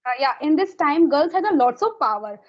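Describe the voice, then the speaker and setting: A woman's voice: sits high, expressive, fairly quick, dull audio. A woman in a casual English practice conversation, asking questions hesitantly with many fillers and restarts.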